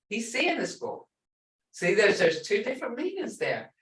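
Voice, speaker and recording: A woman teaching a language class, repeating words slowly and quizzing her students. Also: mid-range voice, sing-song, fairly bright tone. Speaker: language instructor. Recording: echoey room, distant mic.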